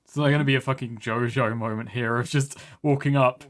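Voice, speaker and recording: A man's voice: mid-range voice, steady tone, fairly quick, fairly bright tone. Male player, casual table talk, trips over words and fixes them. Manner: stumbles over names, self-correcting.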